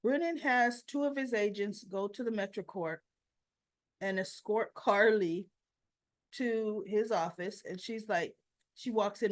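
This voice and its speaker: Slow, chatty woman recapping a soap. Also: mid-range voice. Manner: slow, chatty retelling with quoted dialogue. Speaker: soap opera recap host. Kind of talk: casual spoken recap.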